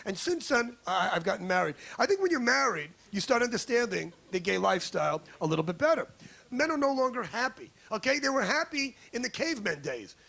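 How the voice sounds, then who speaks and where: A man's voice: very high-pitched, very animated, a little fast, creaky, sharp tone. A man in his forties from New York doing a brash, ranting stand-up set in a comedy club, baiting the crowd. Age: 40s. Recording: live club recording with audience noise.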